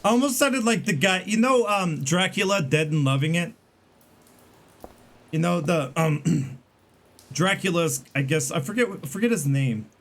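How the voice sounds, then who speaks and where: A man's voice: fairly high pitch, lively intonation, a little slow, a bit bright. Chatty man streaming a game. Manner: rambling, chatty, many fillers and restarts. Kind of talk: casual gameplay commentary.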